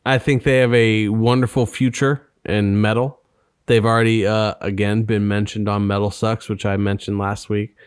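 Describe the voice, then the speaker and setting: A man's voice: on the low side, level tone, moderate pace, clear, resonant tone, no echo, studio quality. A man co-hosting a casual podcast, chatting in joking, profane banter. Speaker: podcast co-host. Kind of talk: casual chat.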